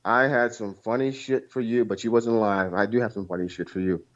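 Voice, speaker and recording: A man's voice: fairly low pitch, steady tone, brisk, lo-fi sound. A man calling in to a live talk show, telling a long story in a rambling, profane way over a call line. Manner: rambling, profane, repeats himself. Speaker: caller.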